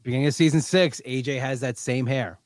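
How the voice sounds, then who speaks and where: A man hosting a podcast, chatting casually and animatedly, often acting out scenes in quick put-on voices. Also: mid-range voice, fairly even intonation, no room sound. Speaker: podcast host. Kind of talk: casual chat.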